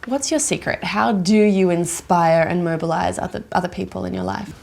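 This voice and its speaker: A woman interviewer with a lowish voice and a gravelly edge. She asks prepared questions in a measured, composed way. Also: darkish tone.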